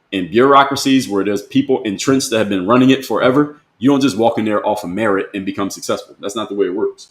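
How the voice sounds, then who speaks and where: Low-ish voiced guy ranting casual and blunt, lots of slang, roomy echo around him. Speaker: motivational speaker. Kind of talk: casual monologue to camera.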